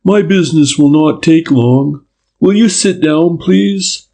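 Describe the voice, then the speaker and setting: A man's voice: a little high, slow pace, vocal fry, warm tone, voice pushed up. A man voicing a courteous but firm middle-aged detective inspector who presses politely. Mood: polite pressing.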